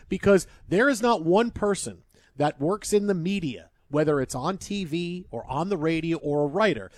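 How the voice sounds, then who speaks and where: A man's voice: high voice, no room sound, studio quality. A man hosting sports talk radio, ranting emphatically and repeating himself as he argues.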